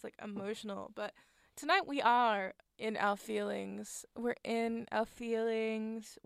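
A young woman hosts a radio show from a studio, speaking slowly and unhurriedly in a smooth, clear, fairly high voice. She rambles chattily between tracks, trailing off and restarting her thoughts. The sound is close and dry. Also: no echo. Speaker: radio host. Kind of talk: casual radio presenting.

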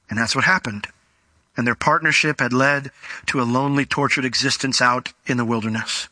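A man preaching a sermon in an animated way, slowing down and speeding up as he tells a Bible story. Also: mid-range voice, no room sound. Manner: animated, acts out quoted voices, varies pace.

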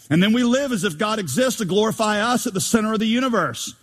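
High, husky-voiced man preaching a sermon. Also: fast talker, hardly any pauses. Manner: animated, joking, rhetorical questions. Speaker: pastor. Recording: long hall reverb.

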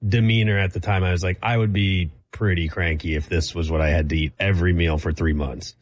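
A man's voice: low-pitched, steady tone, a little fast, dry recording. A man co-hosting a show, chiming in with dry, joking remarks. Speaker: co-host. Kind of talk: casual chat.

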